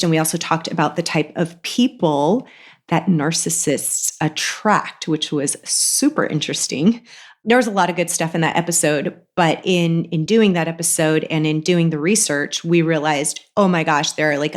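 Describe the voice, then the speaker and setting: A woman hosts a podcast on her own, her voice a little congested. She speaks in a fairly low register. Her talk is loose and conversational. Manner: chatty, conversational with fillers. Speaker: podcast host. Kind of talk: casual podcast monologue.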